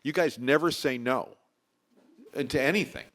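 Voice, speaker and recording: A man hosting a recovery talk show with an ordinary mid-pitched voice. He rambles, backtracks and trips over names as he talks to viewers. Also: normal speed, fairly bright tone. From Florida. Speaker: host.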